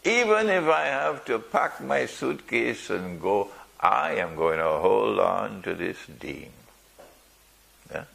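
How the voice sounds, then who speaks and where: A man delivers a sermon in a gravelly voice with some vocal fry. He speaks slowly and emphatically, pausing to ask rhetorical questions and slip in dry jokes. His pitch rises and falls widely. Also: animated, a bit bright. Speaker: Islamic preacher. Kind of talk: sermon to a live audience.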